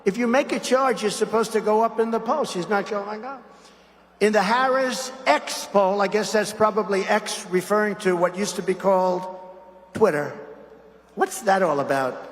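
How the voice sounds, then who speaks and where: A man with a high voice gives a gala speech, sarcastic and digressive, circling back to the same lines again and again. His voice rings with the long reverb of a large banquet hall. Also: fairly bright tone. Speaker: gala speaker. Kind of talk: rambling political speech.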